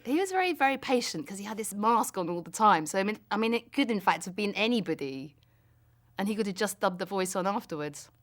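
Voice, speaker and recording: A woman's voice: mid-range voice, animated, fast. A woman in an interview, talking chattily and fondly about a past show. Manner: fond, chatty. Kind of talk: reminiscing interview.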